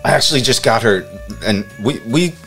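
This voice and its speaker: A man with a mid-range voice whose pitch swings up and down in a lively way as he co-hosts a relaxed podcast chat. He reacts eagerly and often repeats his words. Faint music plays in the background. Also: fairly quick. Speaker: podcast co-host. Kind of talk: casual chat.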